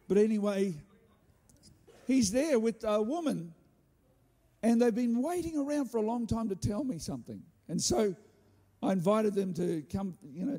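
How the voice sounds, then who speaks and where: High-voiced preacher man in a reverberant hall. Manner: animated, humorous asides. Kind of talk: sermon with storytelling.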